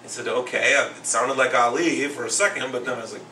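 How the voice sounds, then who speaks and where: A man's voice: medium pitch, quick pace. A man hosting a casual boxing talk show, telling stories and acting out what others said. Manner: animated storyteller, acts out quotes. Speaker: podcast host and second grade teacher. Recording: roomy echo, far from the mic, faint noise.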